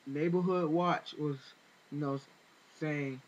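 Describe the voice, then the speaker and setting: A man with a fairly high voice retells events in loose, rambling commentary, full of fillers and restarts. His tone turns indignant as he goes. The recording sounds dull and lo-fi. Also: steady tone, slow. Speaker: vlogger. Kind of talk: casual spoken commentary.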